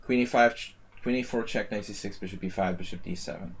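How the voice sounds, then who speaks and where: Man, low voice, casual stream commentary, thinking aloud, reciting chess moves. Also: fast, creaky, a little hiss or hum.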